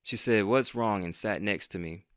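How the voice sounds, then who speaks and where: A man's voice: on the low side, moderate pace, dry recording, studio quality. A man telling a personal story in a casual, profane storytime monologue, acting out the dialogue as he goes. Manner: conversational and profane, retelling with quoted dialogue. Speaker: vlogger and podcaster.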